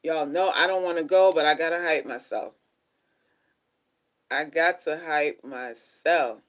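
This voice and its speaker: A middle-aged woman chatting casually on a livestream from home, animated and slangy as she reads viewer comments aloud. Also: deep voice, a little slow. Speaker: livestream host.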